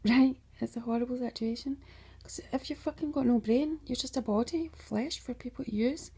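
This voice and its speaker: A woman's voice: on the high side, normal speed, few pauses, slightly rough. A woman telling her own story in a rambling monologue, swearing freely and tagging her sentences with "right?" in a drifting, darkly humorous way. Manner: drifting, dark humour, breaks into laughter.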